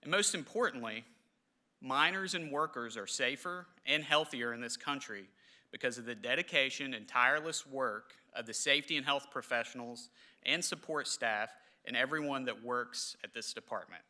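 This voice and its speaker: A man, giving a halting, emotional memorial ceremony speech in a large hall. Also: mid-range voice, sharp tone. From southern West Virginia. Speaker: government official speaker.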